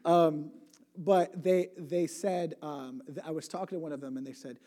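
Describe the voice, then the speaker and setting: A man's voice: on the high side, steady tone, moderate pace, warm tone. Chatty young man preaching in echoey hall. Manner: rambling, self-interrupting, conversational with humor. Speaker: church speaker. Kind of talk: sermon storytelling. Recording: long hall reverb.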